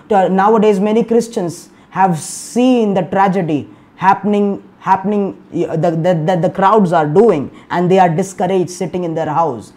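A man preaching a sermon, often repeating himself and restarting his words, and saying "Hallelujah" and "Amen" again and again. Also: high voice. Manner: emphatic preaching, rising loud in bursts, with repeated "Hallelujah" and "Amen".

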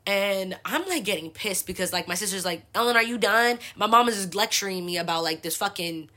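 A woman's voice: mid-range voice, brisk, sharp tone. A young woman from the San Francisco Bay Area, hosting a podcast and telling a rambling, profane story with a lot of "like". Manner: profane, rambling, heavy use of like. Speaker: podcast host. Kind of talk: casual storytelling.

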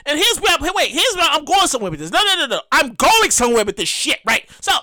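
A man's voice: extremely high pitch, quick pace, no room sound. A young man hosting a show, delivering a rambling, profane, comedic rant. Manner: rambling, repetitive, profane, excitable. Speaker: podcast host.

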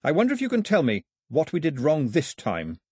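Fierce island boy, sharp and quick, husky, voiced by the narrator. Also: a little high, huge pitch swings, no echo, clean studio sound, pitched above the performer's own voice, exaggerated voice. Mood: urgent. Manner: blunt, fast, sharp.

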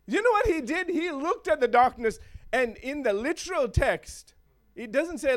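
A man's voice: very high-pitched, expressive, fairly quick, fairly bright tone. A man preaching a sermon in a playful way, chuckling often and checking in with his listeners.

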